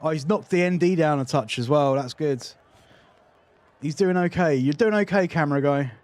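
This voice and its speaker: A man's voice: on the high side, moderate pace, darkish tone, dry recording. A British man hosting a reaction video, giving casual commentary with wry, sarcastic asides. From Britain.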